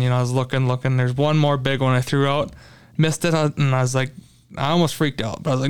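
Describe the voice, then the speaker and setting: A young man tells a fishing story in casual talk, his voice smooth and clear. He gets animated as he retells it and is full of fillers and restarts. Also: mid-range voice, fast talker. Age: young adult. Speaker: podcast guest, tournament angler.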